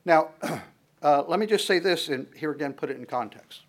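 A man's voice: fairly high pitch, moderate pace. A man giving a conversational sermon as a pastor, switching between explanation and playful dramatized asides, often restarting his sentences. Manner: frequent fillers and restarts, animated swings in loudness.

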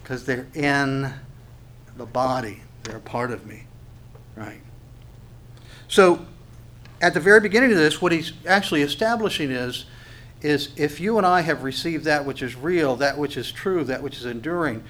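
Preacher, male, fairly high voice, poses questions then answers, restarts and repeats for emphasis. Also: expressive, normal speed, pauses often, a bit bright. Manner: asks questions and answers them himself. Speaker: pastor. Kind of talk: sermon with scripture reading.

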